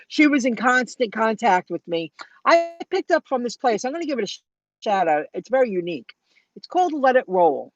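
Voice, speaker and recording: A woman's voice: a little high, very animated, normal speed, no room sound. Rambling middle-aged woman venting from her car. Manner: rambling, venting, thinking out loud. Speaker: delivery driver vlogger. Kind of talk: casual vlog, talking to live chat. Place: inside a car. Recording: dull, dry lo-fi sound.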